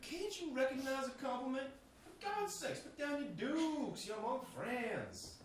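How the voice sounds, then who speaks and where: An actor on stage playing a flamboyant, teasing younger brother with a Southern accent and an arch, theatrical manner. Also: male voice, mid-range voice, big pitch swings, fairly quick, fairly bright tone, a little hiss or hum. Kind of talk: stage play acting. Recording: echoey theater from far off.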